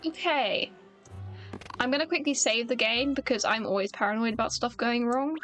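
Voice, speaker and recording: High-voiced chatty streamer. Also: female voice, normal speed, a bit bright, soft background music. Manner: chatty, self-mocking asides. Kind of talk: casual let's-play commentary.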